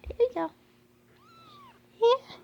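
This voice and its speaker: A woman filming her cats at home, talking to them in soft whispers and baby talk, with frequent laughs. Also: slow, dull audio, slight background noise. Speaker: cat owner filming her pets. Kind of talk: casual baby talk to pets. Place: home, indoors.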